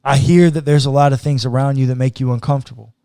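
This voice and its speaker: Teaching scripture in a podcast conversation, a pastor speaks fast at medium pitch with fairly even intonation and a mellow, clean tone. He's relaxed but earnest, slipping into acted quotes of God at times. The studio audio is clean, with no room sound.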